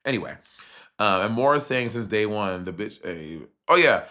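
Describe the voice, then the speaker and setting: A man chatting casually on a livestream as he reacts to a reality show, animated and profane, with sudden jumps in pitch. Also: normal speed. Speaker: streamer reviewing a reality show.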